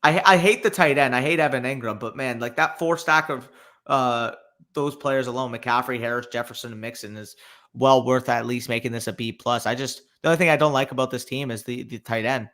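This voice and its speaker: Bright-voiced man hosting a live stream. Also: medium pitch. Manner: reads viewer chat aloud and reacts, quick and loose. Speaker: fantasy football podcast host.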